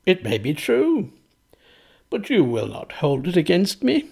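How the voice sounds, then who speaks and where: A man's voice: high voice, huge pitch swings, vocal fry, darkish tone, slightly rough, voice pushed up, full character voice. A man voicing a wry, knowing old clergyman. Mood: confiding. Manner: knowing, unhurried, confiding. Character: frank, wry 18th-century Dublin clergyman, older man.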